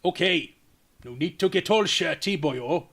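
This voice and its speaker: A boisterous Welsh man from the valleys, as a man puts him on, bright and a touch high. He rambles on proudly about himself and swears freely. The voice of a tabletop game character. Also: expressive, measured pace, full character voice. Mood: cocky.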